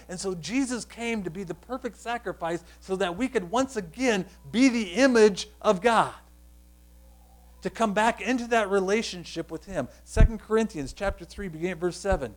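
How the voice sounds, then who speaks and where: A man delivering a sermon in a slightly raised voice. He works through scripture with rhetorical questions, dropping to a hush and then building to loud, emphatic lines. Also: high voice, normal speed. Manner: earnest, explanatory, asks rhetorical questions; swings between hushed and loud emphatic passages. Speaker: preacher.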